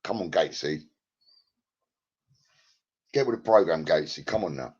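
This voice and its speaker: A man's voice: rumbling low, expressive, moderate pace, a little mellow, slightly rough. A man chatting casually to his live-stream viewers from home on a headset, rambling, crude and full of swearing as he greets people by name. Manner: rambling, crude and profane, banters with chat by name. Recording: lo-fi, dull sound.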